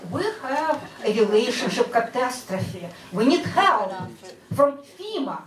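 A woman comic with a Russian accent works through a stand-up set at an unhurried pace, her pitch rising and falling widely. Her delivery is dry and measured. She sounds distant from the mic in an echoey club. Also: sing-song, over a noisy crowd. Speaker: stand-up comedian. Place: comedy club stage.

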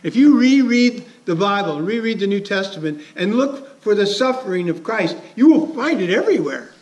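A man's voice: sits high, very animated, moderate pace, darkish tone. A man preaching a sermon as a pastor, conversational and chuckling, asking his listeners questions.

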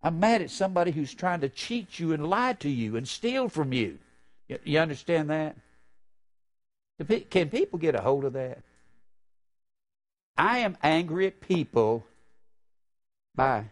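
Fervent older male preacher with loud bursts. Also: big pitch swings. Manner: fervent, stretches key phrases slowly and jumps to loud high bursts. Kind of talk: sermon.

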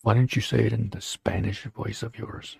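A man's voice: lowish voice, fairly even intonation, normal speed, creaky, a little mellow. A man hosting a casual livestream show, rambling and joking with lots of fillers. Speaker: show host.

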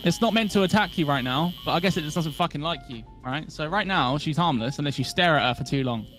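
Young gamer, swears freely, animated slightly high voice. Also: male voice, quick pace, soft background music. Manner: excitable, swears, yelps when startled. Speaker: co-player. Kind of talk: casual gaming banter.

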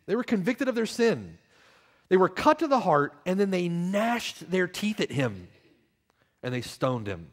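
A man preaching from the pulpit in a voice pitched a little high. His delivery swoops through a wide range, from quiet and reflective to loud and pleading. He drives his points home with repeated rhetorical questions. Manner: swings from hushed reflection to loud, pleading exhortation. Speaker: pastor. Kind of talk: preaching a sermon.

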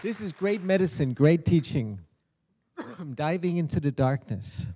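Bright, tense-voiced man telling a spiritual parable. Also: a little high, animated, measured pace, a little hiss or hum. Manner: storytelling, acts out the characters' lines. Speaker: keynote speaker. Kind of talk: spiritual teaching talk. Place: conference hall.

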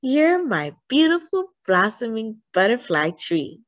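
A woman voicing a patient, loving mother in a storybook read-aloud, gentle and calm. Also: fairly high pitch, a little slow, dry recording, voice pushed up. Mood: tender.

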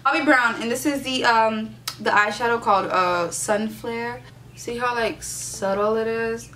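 A woman's voice: a little high, measured pace, pushed and bright, slight background noise. A young woman doing a casual makeup tutorial, sassy and playfully profane, hyping herself up as she works. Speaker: beauty vlogger.

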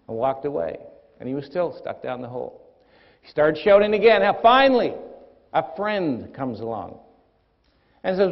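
A motivational speaker, a man, tells a fable to an audience with measured storytelling and pauses. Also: high-pitched, sing-song. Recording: dull recording with long hall reverb.

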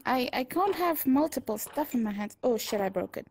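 A woman playing a game and giving casual commentary, swearing and reacting out loud as she goes. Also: fairly high pitch, expressive, normal speed, a little hiss or hum. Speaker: gamer.

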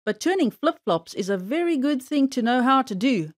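A kindly old gentleman rabbit asks gentle, polite questions, voiced by a woman reading a storybook. His voice stays fairly high and soft-spoken. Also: very animated, normal speed. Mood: curious.

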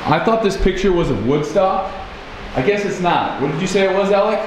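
A fitness vlogger with a high voice, lively intonation and a fairly quick pace gives a casual, rambling house tour into a handheld camera, using laid-back slang. The room is echoey, with faint background noise.

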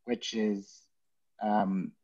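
A man's voice: on the low side, little pitch movement, extremely slow, dark tone, dull audio. A man, a rabbi, teaching a Talmud class in an informal way, joking and thinking aloud with many fillers.

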